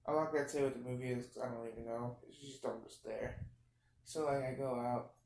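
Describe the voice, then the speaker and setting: A man's voice: mid-range voice, fairly quick, creaky, a little hiss or hum. A young man improvising a rambling, absurd story, full of fillers and restarts. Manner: meandering, filler-heavy, deadpan absurd. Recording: echoey room.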